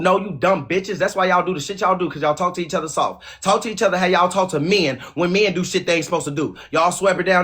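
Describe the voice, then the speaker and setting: A man's voice: high voice, quick pace, hardly any pauses, fairly bright tone. A man hosting a podcast, ranting in a profane, aggressive and scornful way. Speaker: podcast host. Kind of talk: heated opinion rant.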